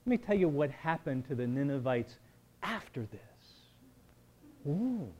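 A man's voice: a little high, big pitch swings, unhurried. Man preaching a conversational sermon. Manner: conversational, joking asides, swings between quiet and emphatic. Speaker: pastor.

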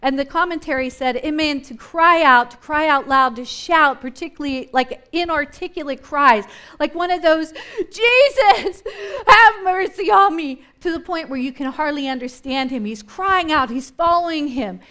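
A woman with a high voice leads a Bible study in a chatty, thinking-aloud way. She brings each scene to life, acting it out as she goes and asking her listeners questions. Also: moderate pace, few pauses. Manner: animated, acts out scenes and voices from the story. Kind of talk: conversational Bible teaching.

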